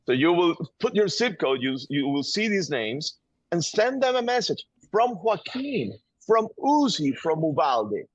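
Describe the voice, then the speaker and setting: A man's voice: on the high side, sing-song, unhurried, husky, dry recording, muffled recording. A man with a Venezuelan Spanish accent, a guest giving impassioned interview answers in an emphatic, urgent way, often repeating words as he presses his point. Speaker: guest, gun-violence activist.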